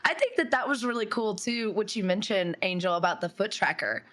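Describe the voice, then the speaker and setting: A woman's voice: mid-range voice, animated, fairly quick, fairly bright tone. A woman co-host chatting casually and reacting with enthusiasm. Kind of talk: casual chat.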